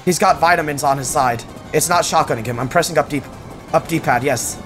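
A young man giving casual, jokey gameplay commentary, yelping excitedly when something surprises him. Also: fairly high pitch, brisk, faint music behind. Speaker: gaming channel host.

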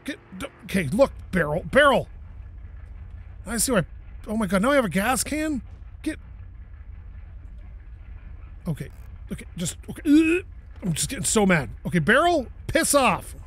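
A man gives casual gameplay commentary from his home setup, close on a desk mic. His voice sits high and swings widely as he gets excited. He laughs easily, curses at the game and talks to things on screen as if they could hear him. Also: brisk, breathy edge. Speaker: gaming YouTuber.

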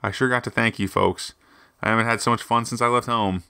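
A man's voice: mid-range voice, steady tone, fairly quick, sharp tone, smooth, dry recording, studio quality. A man reading as a blunt, bitter army driver. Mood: grateful. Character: weary bitter young male army driver.

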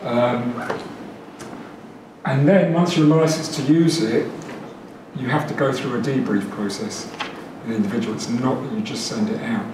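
A man gives a chatty, lively talk to a meeting room, his voice carrying through a very echoey space. He is caught from a distance, with clear background noise underneath. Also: medium pitch, unhurried, long pauses. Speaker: presenter.

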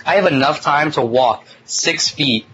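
A man's voice: on the high side, unhurried, bright, forceful tone, a little hiss or hum, rough recording. A young man hosting a casual talk show, telling a long story in a rambling way, full of "like" and some swearing, recorded on a phone. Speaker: podcast host.

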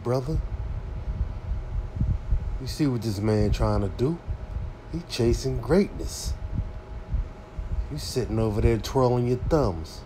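A man's voice: medium pitch, noisy background. A man hosting a boxing channel, goading a fighter with repetitive hype calls in casual trash-talking commentary.

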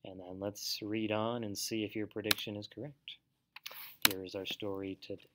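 A man teacher reading a story aloud to children, with an expressive, animated delivery. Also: lowish voice, normal speed, noisy background.

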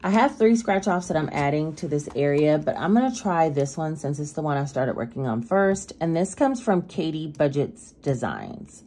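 A woman's voice: low voice, big pitch swings, normal speed, few pauses, mellow. A woman making a casual budgeting vlog, chatting with viewers and counting cash aloud as she stuffs binders. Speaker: budgeting vlogger.

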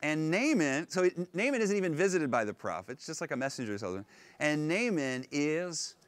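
Animated, conversational male pastor. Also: fairly high pitch, normal speed, dry recording. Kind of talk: sermon with storytelling. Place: on location at an ancient synagogue.

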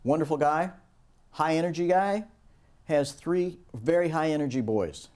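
A middle-aged man giving a recorded lesson on project teamwork, telling stories and acting out the quoted voices at a higher pitch. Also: a little slow, darkish tone. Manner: storytelling, acts out quoted voices with raised pitch. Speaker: instructor.

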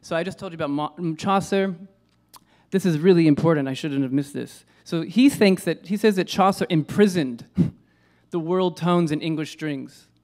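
A man's voice: fairly high pitch, moderate pace, a little mellow. A man giving an informal lecture on poetry. He hesitates, corrects himself and uses many fillers.

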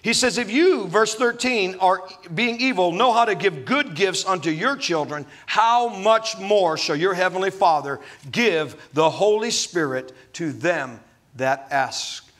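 A man preaching a sermon as a pastor, animated and full of humorous asides. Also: sits high, unhurried.

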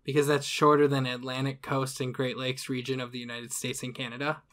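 A man's voice: mid-range voice, little pitch movement, brisk, a bit bright. A man hosting a casual comedic podcast who explains the topic from notes to his cohosts and laughs at his own jokes. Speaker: podcast host presenting the topic. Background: other hosts talking.

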